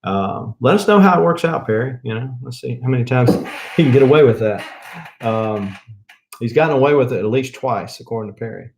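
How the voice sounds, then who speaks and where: Southern-accented man, casual rambling host, lots of chuckles and drawn-out fillers. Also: medium pitch, animated, a little mellow, slight background noise. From Mississippi. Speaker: comic book channel host. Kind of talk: casual rambling haul chat.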